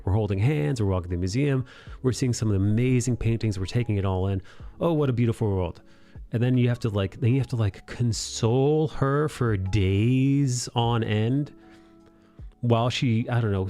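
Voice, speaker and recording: A man's voice: lowish voice, mellow. A man hosting a live art stream, ranting casually, swearing freely and acting out mocking quotes. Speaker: livestream host drawing and chatting.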